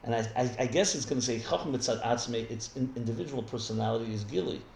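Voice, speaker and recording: Fast and creaky, this man's mid-range, darkish voice comes with slight background noise as he teaches a live text study session as a rabbi. He explains while thinking aloud, frequently starting sentences over, and the room is echoey with a faint ambient hum.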